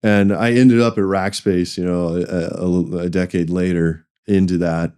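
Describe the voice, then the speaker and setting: Deep, mellow-voiced man telling career stories. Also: flat delivery, a little slow, smooth. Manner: rambling, restarts often, acts out quoted dialogue. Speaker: guest, finance executive. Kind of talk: conversational interview storytelling.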